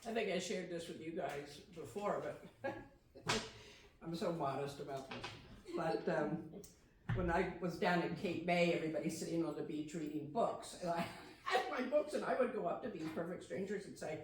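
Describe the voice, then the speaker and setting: A woman author with a Pennsylvania accent telling animated, self-deprecating anecdotes on a library panel. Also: lowish voice, normal speed. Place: library meeting room. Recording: echoey room from far off, noisy.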